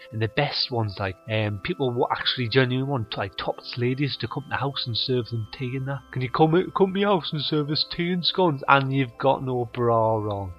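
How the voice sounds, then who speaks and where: A man's voice: mid-range voice, highs cut off. A man hosting a comedy show, telling absurd rambling stories full of you know and like. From North East England. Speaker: comedy podcast host.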